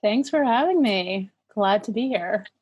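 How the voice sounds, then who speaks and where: A woman's voice: mid-range voice, expressive, unhurried, a little mellow, husky. A woman guesting on a podcast over a video call, teasing and laughing.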